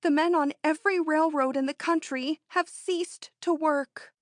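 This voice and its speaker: A woman reading an audiobook, voicing a bold, excitable rich young woman in an eager, emphatic way. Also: measured pace, no echo, studio quality. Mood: excited. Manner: eager, emphatic, high-strung.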